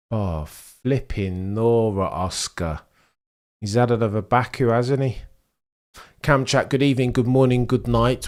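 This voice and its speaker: A young British man from England, with a voice on the low side, hosts a live sports watchalong stream. He reacts to the race and reads viewers' chat, rambling excitably as he comments.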